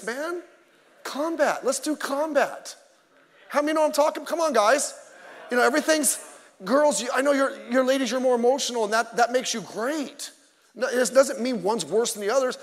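A man's voice: extremely high pitch, animated, normal speed, pauses often, in a large hall. A male pastor preaching a sermon in an emphatic, conversational way, mixing in self-deprecating jokes.

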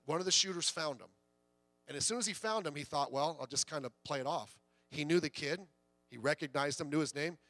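A man's voice: fairly high pitch, no room sound. A man preaching a sermon as pastor, in a conversational way with stories and quoted voices.

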